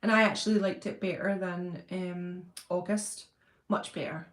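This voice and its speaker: A woman's voice: on the low side, fairly even intonation, normal speed. Chatty woman in a roomy echo. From Britain. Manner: chatty, laughs often, reads out viewer comments. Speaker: channel host reading live chat. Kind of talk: casual live-stream chat.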